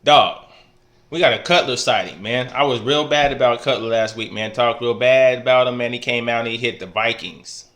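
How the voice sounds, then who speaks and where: A man's voice: medium pitch, steady tone, moderate pace, a bit bright. A man in a casual trash-talk video, laid-back and teasing, tacking "man" onto almost every phrase. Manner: teasing, playful ribbing. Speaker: fantasy football league member.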